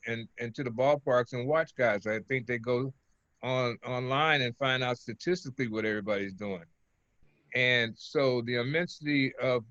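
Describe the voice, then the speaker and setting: Older man guest, relaxed rambling storyteller, dry close mic, muffled lo-fi sound. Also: mid-range voice, no room sound. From Oakland, California. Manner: relaxed, rambling, chuckles between stories. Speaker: interview guest, former pitcher. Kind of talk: casual interview storytelling.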